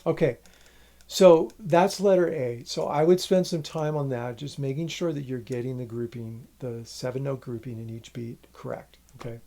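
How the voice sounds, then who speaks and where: Mellow-voiced man teaching rhythm. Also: mid-range voice, moderate pace. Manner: counts rhythm syllables aloud, patient explaining. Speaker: music teacher. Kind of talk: instructional music lesson.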